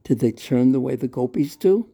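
A man's voice: medium pitch, lively intonation, moderate pace, creaky, warm tone, breathy edge. A man voicing a small, playful boy god who pleads and insists on getting what he wants. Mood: insistent.

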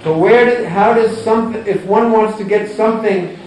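A man giving a deliberate scripture lecture who chants Sanskrit verses and explains them with examples. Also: high voice, darkish tone. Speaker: religious lecturer. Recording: echoey hall, distant mic, faint noise.

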